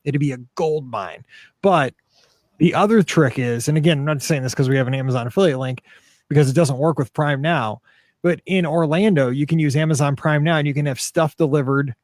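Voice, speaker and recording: A middle-aged man co-hosts a podcast, chatting casually in a rambling, self-deprecating way. His voice is fairly high, brisk and a little mellow, captured in a dry, clean studio recording.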